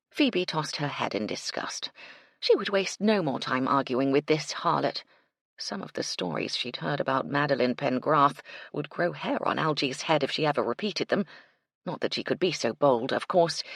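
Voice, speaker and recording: A woman narrating a mystery audiobook in an expressive storytelling manner, on a close mic. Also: deep voice, vocal fry, husky, no echo. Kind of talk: scripted narration.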